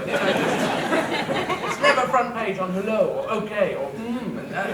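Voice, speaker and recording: A man's voice: sits high, very animated, unhurried. A British man doing live stand-up, rambling and self-mocking as he stumbles through broken French. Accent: British English. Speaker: stand-up comedian. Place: packed club with a live audience. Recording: roomy club from far off, loud crowd and noise.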